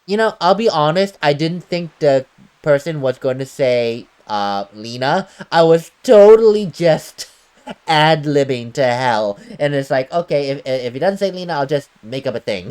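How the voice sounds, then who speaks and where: A woman's voice: low-pitched, lively intonation, unhurried, darkish tone, clear, resonant tone. A woman giving chatty, laughing commentary on a game she is playing. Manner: chatty, laughs often, self-deprecating. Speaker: let's play host. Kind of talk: casual gameplay commentary. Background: faint game music.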